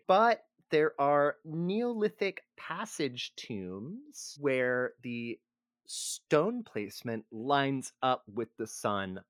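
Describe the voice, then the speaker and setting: A man's voice: medium pitch, a bit bright, no echo, clean studio sound. A man co-hosting a casual podcast, rambling and self-deprecating as he explains history. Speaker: podcast co-host.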